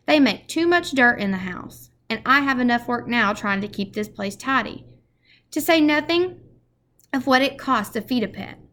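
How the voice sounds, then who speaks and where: Storybook read-aloud: a sharp, scolding middle-aged housewife, voiced by a woman. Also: a little high, animated, moderate pace, pitched above the performer's own voice.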